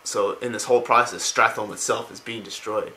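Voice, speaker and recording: A man's voice: fairly low pitch, steady tone, a little fast, bright, forceful tone, low-quality recording. A man casually retelling video game lore, rambling with many fillers.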